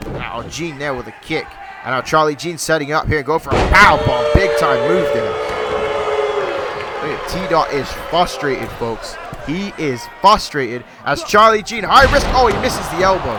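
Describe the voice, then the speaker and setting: A man giving excited play-by-play commentary on a video game wrestling match, shouting at the big moves and talking to the folks watching. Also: a little high, moderate pace. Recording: loud game music and crowd noise behind. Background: video game wrestling crowd and music.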